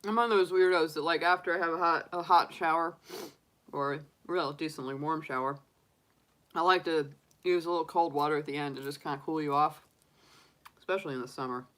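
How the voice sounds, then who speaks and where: A woman's voice: low-pitched, fairly even intonation, a little fast, a bit bright. A woman in her forties, a tarot reader chatting casually on a live stream and laughing often. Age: 40s.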